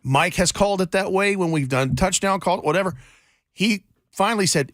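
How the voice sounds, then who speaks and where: A man's voice: high voice, normal speed, no room sound, studio quality. A man co-hosting a sports radio show, telling stories in casual, emphatic banter. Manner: animated, emphatic storyteller.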